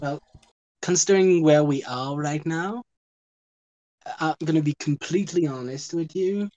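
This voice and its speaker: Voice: medium pitch, unhurried, mellow, muffled recording. A non-native English speaker playing a tabletop game, searching for words while describing a character's actions. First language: not English. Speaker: player. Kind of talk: casual tabletop play.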